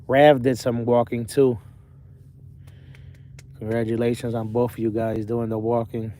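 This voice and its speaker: A man's voice: on the low side, flat delivery, unhurried, warm tone. A young man livestreaming from his parked truck cab, rambling casually while reading out viewer comments. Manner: rambling, chatty, self-correcting.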